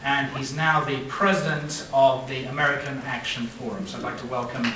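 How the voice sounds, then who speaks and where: A man's voice: mid-range voice, level tone, a little fast. Man opening an event, echoey hall. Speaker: event host. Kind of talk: opening remarks. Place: lecture hall. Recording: echoey hall from far off, noise.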